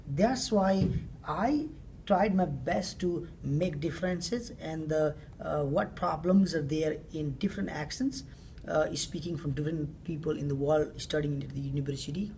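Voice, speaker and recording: A woman giving a class presentation of survey results, talking hesitantly with frequent fillers and pauses. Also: sits low, vocal fry, dark tone, a little hiss or hum. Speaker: student presenter.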